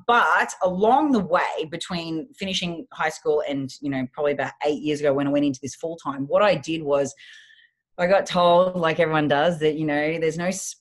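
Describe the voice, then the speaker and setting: A woman in her thirties, a fitness coach and guest, telling her story in a casual interview in a blunt, profane, animated way. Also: deep voice.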